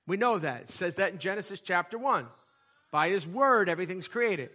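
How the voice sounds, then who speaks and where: A man's voice: sits high, expressive, a little fast, bright, forceful tone. A man preaching a sermon as lead pastor of a church, emphatic, repeating key lines and asking rhetorical questions.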